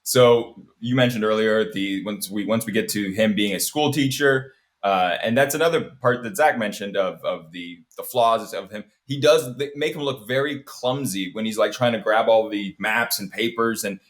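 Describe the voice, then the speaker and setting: A man's voice: lowish voice, moderate pace, hardly any pauses. A man hosting a podcast, rambling and laughing as he reviews a film in casual chat. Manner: rambling, laughs while telling anecdotes. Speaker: podcast host.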